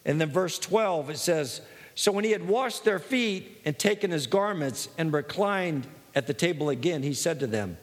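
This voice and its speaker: High, lively preacher man in a reverberant hall. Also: normal speed. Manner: earnest, personal storytelling with many restarts. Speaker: pastor. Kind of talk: sermon.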